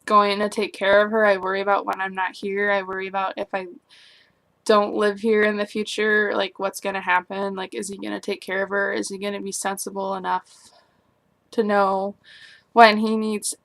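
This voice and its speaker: A young adult woman talking through her worries in a personal vlog, rambling and anxious, often trailing off into quiet. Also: mid-range voice, little pitch movement, normal speed, creaky. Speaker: vlogger.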